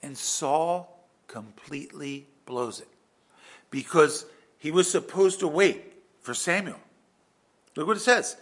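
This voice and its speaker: A male pastor preaching a sermon in an emphatic, dramatic storytelling manner that swings between hushed and loud. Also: a little high, slow, long pauses.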